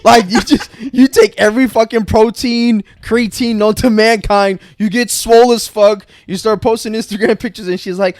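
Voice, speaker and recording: A man's voice: high voice, fairly quick, hardly any pauses, no room sound, studio quality. A man co-hosting a casual podcast chat, telling crude stories with lots of swearing. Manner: crude, profane, animated storytelling. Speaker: podcast co-host.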